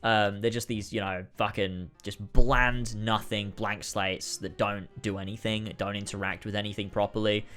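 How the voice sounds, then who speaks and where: A man's voice: on the low side, flat delivery, moderate pace, hardly any pauses, fairly bright tone, faint music behind. Exasperated man ranking episodes. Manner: exasperated, frequent swearing and sighs. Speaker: video creator ranking episodes. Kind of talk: casual ranking commentary.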